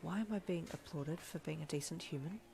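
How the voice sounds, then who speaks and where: A woman voicing an earnest, polite young man who speaks softly and formally. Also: sits low, brisk, creaky.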